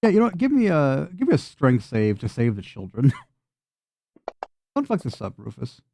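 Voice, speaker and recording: A man's voice: medium pitch, huge pitch swings, moderate pace, gravelly, dark tone, a little hiss or hum. A man narrating as game master of a tabletop game, laughing often and swearing freely as he plays out the scene.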